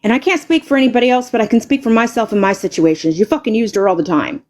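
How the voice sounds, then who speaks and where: A woman's voice: fairly high pitch, quick pace, a little mellow. A woman live streamer delivering an angry, confrontational rant, stammering and repeating words and swearing heavily.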